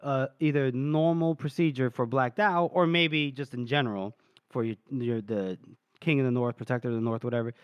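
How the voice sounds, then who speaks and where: A man's voice: mid-range voice, moderate pace, clear, resonant tone, dry recording, dull audio. A man co-hosting a podcast, recapping a book chapter in loose, rambling casual chat, full of fillers and the odd swear word. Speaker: podcast co-host.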